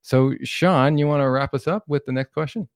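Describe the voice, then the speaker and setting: A man's voice: on the high side, moderate pace, dry recording, clean studio sound. A man hosting a podcast who encourages and thanks his guest as he leads the talk. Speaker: podcast host. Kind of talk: casual interview chat.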